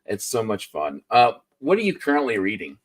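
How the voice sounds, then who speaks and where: A man hosting a casual live-stream chat about books, easygoing and quick to laugh. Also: on the low side, wildly swooping pitch.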